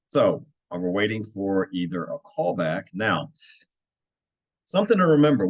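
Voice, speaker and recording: A man who works as a real estate agent, walking listeners through cold-calling habits in a coaching tone and checking in with frequent "right?" asides. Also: mid-range voice. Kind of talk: instructional walkthrough.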